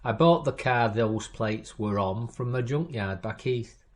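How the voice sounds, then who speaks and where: Man putting on a Southern crook, soft and courtly, polite menace, storybook reading, mid-pitched voice. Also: lively intonation, a little slow, close to an everyday voice. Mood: explaining. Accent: American Southern. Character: smooth-talking male Southern crook.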